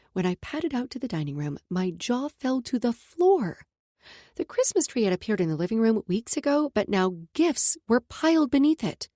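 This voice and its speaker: A woman's voice: mid-range voice, mellow, dry recording. A woman narrating a romance audiobook in an intimate first-person voice that drops to a whisper in close passages.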